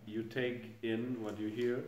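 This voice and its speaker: A man's voice: medium pitch, flat delivery, takes it slowly, a little mellow, highs cut off, slight background noise. A middle-aged man giving an informal scripture class in a temple hall, speaking hesitantly and chuckling at his own jokes. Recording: echoey room.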